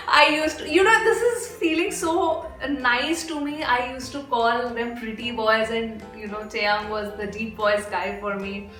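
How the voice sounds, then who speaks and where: A young woman from India hosting a K-pop reaction video, gushing and excitable, repeating herself and bursting into squeals. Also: fairly high pitch, unhurried, few pauses, roomy sound, soft background music.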